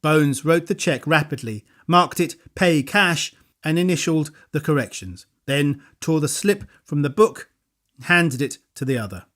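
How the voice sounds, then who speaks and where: A male audiobook narrator with a slightly high voice, reading a thriller in a measured, steady way. The delivery is even and unhurried, the plain voice of a storyteller. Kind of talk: scripted narration.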